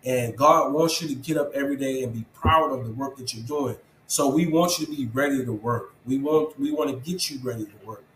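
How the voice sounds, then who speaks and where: A man's voice: mid-range voice, a little fast, few pauses, a bit bright, roomy sound, slight background noise, low-quality recording. A man being interviewed, talking earnestly about faith and perseverance and urging listeners directly in a preachy, casual way. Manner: earnest, preachy encouragement, calls listener "bro". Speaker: interview guest, program founder.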